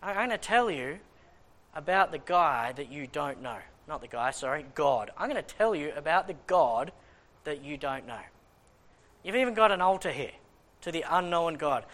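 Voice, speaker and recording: A man with a high, light voice teaches from the Bible as a preacher. He reads verses in a slow, measured way and breaks into animated, conversational asides. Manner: animated, reads scripture slowly, acts out listeners' questions.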